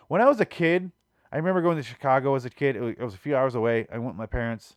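A man in the middle of a comic podcast story, rambling and profane, getting exasperated as he goes. His voice sits at an ordinary middle pitch. It is recorded close and dry, with no room sound at all. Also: animated, a little fast, no echo. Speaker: podcast host. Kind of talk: casual comedic storytelling.

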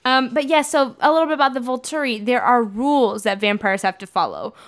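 A young woman co-hosting a casual chat, recapping a book and acting out the quotes with lively voices. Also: a little high, brisk. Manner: animated, acts out quotes in put-on voices. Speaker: podcast co-host recapping a book.

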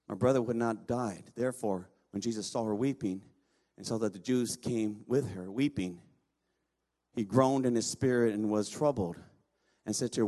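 A pastor preaching a sermon, reading scripture aloud and urging the congregation to respond. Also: male voice, fairly high pitch, fairly bright tone.

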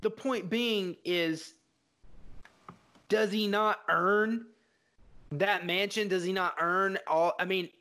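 A man with a fairly high voice co-hosts a casual film podcast. He talks in an animated way, swears freely and slips into short acted-out bits from scenes. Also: slow, pauses often. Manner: animated, profane, acts out scenes. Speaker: podcast co-host.

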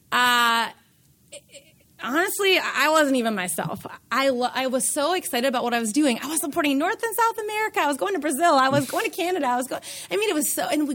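High-voiced candid emotional woman. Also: fairly bright tone. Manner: open, emotional, candid, laughs easily. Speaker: guest, founder and CEO. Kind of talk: personal storytelling in an interview.

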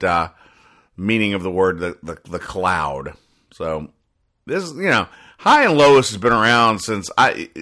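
A man reviewing comic strips in casual commentary, rambling and sighing as he explains each joke deadpan. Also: fairly low pitch.

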